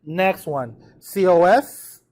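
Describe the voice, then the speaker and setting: A man's voice: high-pitched, animated, slow, a little mellow. A man teaching trigonometry to a classroom, checking in with students and having them repeat terms aloud. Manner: drills pronunciation, asks the class to repeat; frequent check-ins with students. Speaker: math teacher. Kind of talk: classroom lecture.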